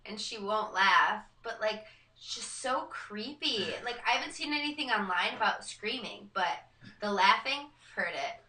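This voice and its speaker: Young woman guest, bright voice, chatty storyteller, heard off-mic in an echoey room. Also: mid-range voice, moderate pace, far from the mic. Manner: chatty storyteller with lots of likes and ums. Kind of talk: casual podcast chat.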